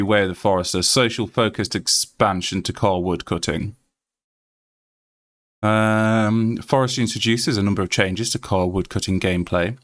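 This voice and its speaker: A Yorkshire man chatting on his game stream. His voice sits low and relaxed. He rambles freely, reads text aloud, and fills the gaps with ums and uhs. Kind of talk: casual live-stream chat.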